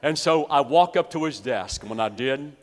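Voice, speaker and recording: A man from West Virginia preaching a sermon to his congregation, telling a story dramatically and swinging between hushed and loud. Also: mid-range voice, expressive, normal speed. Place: church sanctuary. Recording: long reverb of a large hall.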